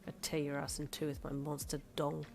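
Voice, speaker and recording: A woman voicing a low, growling hungover boyfriend. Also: monotone, a little fast, gravelly, darkish tone. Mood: growling tease. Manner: growling, smirking, crude teasing. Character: cocky hungover young man, teasing boyfriend.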